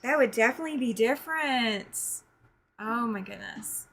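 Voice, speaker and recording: A woman's voice: a little high, moderate pace, slight background noise. A woman hosting a casual quilting livestream, chatting with viewers, reading their comments and thanking them as she sews. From United States. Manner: frequent fillers and restarts, bursts of excitement. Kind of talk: casual livestream chat while sewing.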